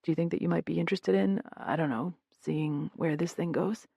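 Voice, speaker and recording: A woman's voice: deep voice, a little fast, vocal fry, dark tone, slightly rough, no echo, full character voice. A woman reading as a tender young man in love.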